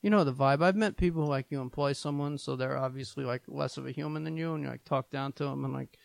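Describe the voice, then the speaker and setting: A man's voice: medium pitch, fast talker, vocal fry, no room sound. A man from Long Island, a podcast guest, telling stories in casual chat, rambling with lots of "like" and acting out the voices of the people in his anecdotes. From Long Island, New York. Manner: rambling, peppered with "like". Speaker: podcast guest, business owner.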